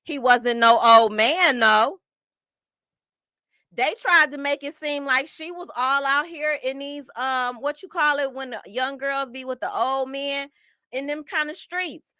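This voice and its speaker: A woman hosting a casual livestream, reading the chat aloud and talking in an animated, slangy way. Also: high voice, a little slow, no room sound, studio quality.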